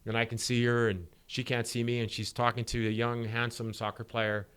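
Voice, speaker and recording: A middle-aged man, a sport psychologist guest on a podcast interview, explaining ideas through animated stories and acting out dialogue. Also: mid-range voice, brisk, clean tone.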